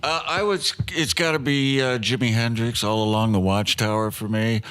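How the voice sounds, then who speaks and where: Older man telling animated stories. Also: medium pitch, moderate pace, clean tone. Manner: animated, acts out the voices of people in his stories. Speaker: guest guitarist. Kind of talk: casual storytelling.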